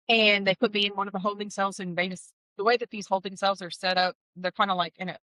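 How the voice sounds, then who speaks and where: A woman's voice: medium pitch, moderate pace, fairly bright tone, no room sound, rough recording. A woman telling her personal testimony as an interview guest, candid and heartfelt, with wry asides. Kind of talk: emotional personal storytelling.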